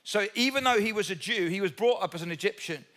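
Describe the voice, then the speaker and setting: A man's voice: high voice, lively intonation, fast talker, fairly bright tone. A man preaching a sermon as pastor, chatty and questioning the congregation, with humorous asides while retelling a Bible story. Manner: conversational, asks the audience questions.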